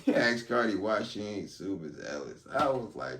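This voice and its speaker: A man with a low voice talks through events in a casual, rambling way, leaning on ums. He sits back from the mic, so the room rings around him. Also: expressive, normal speed, gravelly, a bit bright. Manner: loose and conversational, full of ums. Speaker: vlogger recapping a court trial. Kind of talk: casual commentary. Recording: roomy sound, distant from mic.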